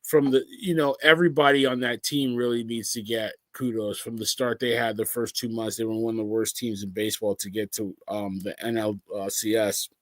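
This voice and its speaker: A man's voice: fairly low pitch, flat delivery, a little fast, hardly any pauses, no echo. A man co-hosting a podcast, giving easygoing, rambling opinions on baseball. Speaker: podcast co-host. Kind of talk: casual sports chat.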